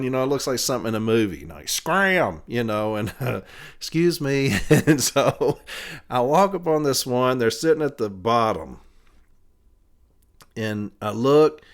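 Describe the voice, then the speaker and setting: A man hosting a podcast, telling a long rambling story in a casual way, laughing between phrases and swearing freely. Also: medium pitch. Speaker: podcast host.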